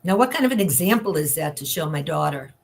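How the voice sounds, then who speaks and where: A woman's voice: low-pitched, quick pace, creaky. An older woman, a guest on an interview show, telling a personal story frankly and acting out the people she quotes. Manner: candid, lively storytelling with acted-out quotes.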